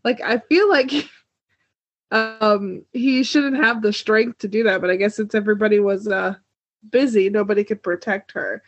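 A woman's voice: mid-range voice, steady tone, unhurried. A young woman co-hosting a casual TV recap chat, talking with lots of fillers and frequent laughter. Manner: chatty, laughs often, many "like" fillers. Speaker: podcast co-host. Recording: dull dry lo-fi sound.

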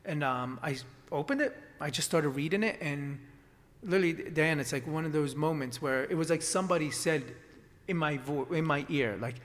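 Guy telling his story all loose and rambly, lots of ums and restarts, kinda high voice, long echo trailing off. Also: normal speed, fairly bright tone. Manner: rambling, many restarts and fillers. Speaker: acupuncturist guest. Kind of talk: casual storytelling conversation.

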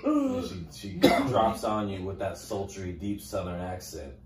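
A man's voice: low-pitched, huge pitch swings, measured pace, crowd noise. Male podcast co-host, crude riffing storyteller, roomy distant camera audio. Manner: crude riffing storyteller, slips into character voices. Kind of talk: crude comedy podcast banter. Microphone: camera mic at a distance. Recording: roomy audio pulled from a video, far from mic, loud laughter. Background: friends laughing.

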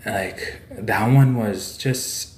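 Speaking extremely slowly in a slightly mellow, lowish voice, this man from Saskatchewan, Canada, rambles through a story as a podcast guest. He keeps tacking "eh" and "like" onto what he says, and the room gives the audio a noticeable echo.

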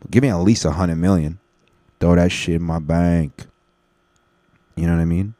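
A man's voice: low voice, steady tone, moderate pace, dark tone, no room sound. A young man hosting a solo podcast, talking in a loose, profane, rambling way. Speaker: podcast host.

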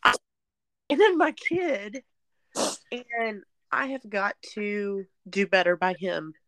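A woman's voice: medium pitch, slow pace, fairly bright tone, no room sound. A young woman telling her personal testimony in a candid, chatty way, sometimes close to tears. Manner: candid, chatty, at times tearful. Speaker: podcast guest sharing testimony. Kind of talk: personal storytelling.

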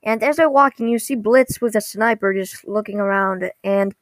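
A woman casually recapping a cartoon episode, rambling and halting, often correcting herself mid-sentence. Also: mid-range voice, no echo.

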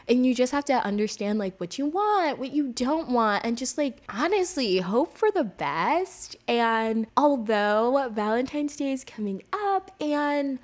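A young woman hosting her own podcast, talking alone in a chatty, animated way and saying "like" a lot. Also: on the high side, measured pace, hardly any pauses. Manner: chatty, animated, heavy use of "like". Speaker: podcast host. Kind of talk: casual solo podcast monologue.

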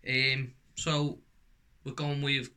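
A man's voice: medium pitch, level tone, very slow, pushed and bright, smooth. A young man co-hosting a podcast, blunt and sweary in casual banter. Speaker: podcast co-host.

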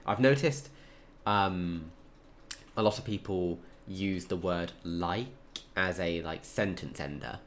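A man's voice: sits low, slow pace, a little hiss or hum. A young English man in casual chat, talking loosely with many fillers and frequent laughs.

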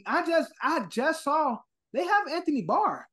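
Teasing man with a lively voice. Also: very high voice, a little slow. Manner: teasing, talks over others. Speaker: podcast co-host. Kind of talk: casual sports banter.

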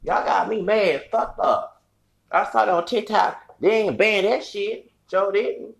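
High-pitched gravelly man ranting angrily. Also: measured pace. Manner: profane, heated, rambling with bursts of laughter. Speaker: podcast host. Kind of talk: angry solo podcast rant.

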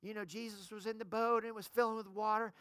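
A middle-aged woman pastor preaching a sermon, calling on the congregation to shout amen. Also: medium pitch, steady tone, fast talker, dry recording, clean studio sound. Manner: preaching, calls for amens from the congregation.

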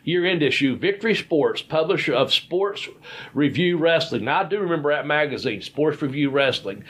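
A man's voice: fairly high pitch, lively intonation, normal speed, a bit bright, husky. A man, a podcast co-host and former wrestler, telling rambling stories in casual chat. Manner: rambling, folksy, repeats words.

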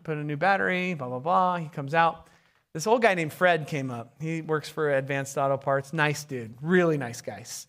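A man preaching a sermon as pastor, conversational and animated, acting out sarcastic voices. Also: on the high side.

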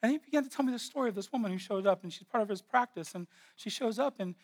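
A man's voice: high voice, quick pace, a little mellow. A man preaching a sermon, driving his points home with emphatic repeated phrases.

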